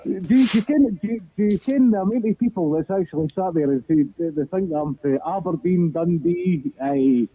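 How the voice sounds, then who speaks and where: A man's voice: sits high, brisk, hardly any pauses, slightly rough. A man with an Edinburgh Scottish accent, calling in to a football phone-in show, rambling with lots of stumbling restarts and casual swearing. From Scotland. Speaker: caller. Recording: dry tinny phone line.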